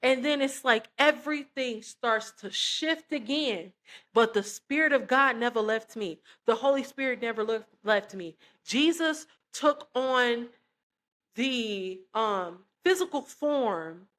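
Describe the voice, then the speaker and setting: A woman's voice: a little high, fairly bright tone. A woman telling her personal faith testimony in a casual, emotional, earnest way, talking straight to her listeners. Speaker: christian testimony vlogger.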